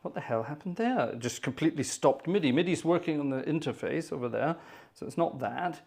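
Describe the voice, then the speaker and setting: A man's voice: a little high, expressive, fairly quick, gravelly, a little mellow. A man hosting an organ music livestream, chatting casually and narrating his own troubleshooting with exasperated muttered asides. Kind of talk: casual live-stream chat.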